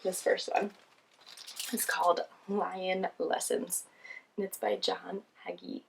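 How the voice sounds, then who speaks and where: A woman's voice: lowish voice, flat delivery, takes it slowly, creaky, slight background noise. A woman hosting a children's show, reading picture books aloud in a cheerful, sing-song way with frequent laughs.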